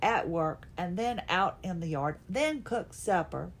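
A woman's voice: fairly low pitch, animated, unhurried, slight background noise. A woman, hosting a podcast and telling a folksy, chatty, self-mocking personal story. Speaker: podcast host.

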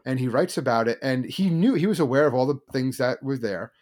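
A man co-hosting a casual chat, telling a story quickly and loosely, with many fillers. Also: medium pitch, expressive, darkish tone. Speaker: podcast co-host.

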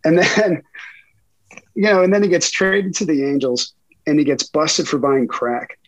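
A man's voice: on the high side, lively intonation, a little slow, no echo, muffled recording. A middle-aged man and guest reporter telling profane anecdotes in a casual interview, laughing often.

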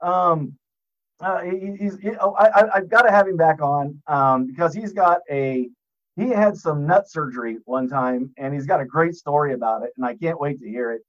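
A man guesting on a podcast, joking and self-mocking, with a deep announcer-style voice. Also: normal speed, fairly bright tone, dull audio. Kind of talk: casual podcast chat.

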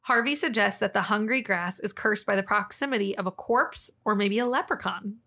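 A woman's voice: medium pitch, fairly quick, gravelly, sharp tone. A woman co-hosting a podcast, telling cryptid stories in casual chat, laughing often and restarting her sentences. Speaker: podcast co-host.

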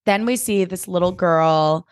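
A woman's voice: on the low side, measured pace, no echo, clean studio sound. A woman co-hosting a podcast, telling a story in casual chat with emphatic, freely swearing delivery. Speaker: podcast co-host.

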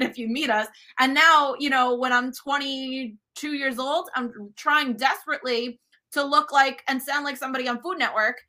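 Thirties woman, cooking show host as guest, bright and animated, laughs at herself. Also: high-pitched. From United States. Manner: animated and self-deprecating. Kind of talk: casual interview chat.

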